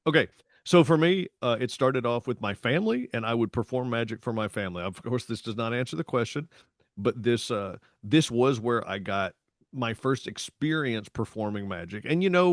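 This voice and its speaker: A man, co-hosting a podcast and telling stories in a lively, casual way, acting out the voices in his stories. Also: medium pitch, dry recording, clean studio sound. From Tennessee, US. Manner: animated storytelling with voiced quotes. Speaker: podcast co-host. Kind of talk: casual chat.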